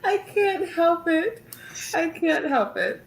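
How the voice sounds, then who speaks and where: A woman who works as a teacher chats as a guest, telling lively stories and laughing often. Her voice sounds roomy, with echo and faint background noise. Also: very high voice, slow, creaky.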